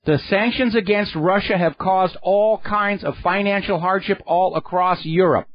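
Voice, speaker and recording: A man's voice: high-pitched, unhurried, no room sound. A man hosting a radio talk show, delivering a sarcastic, indignant political monologue into a studio microphone. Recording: dry, slightly dull radio studio sound.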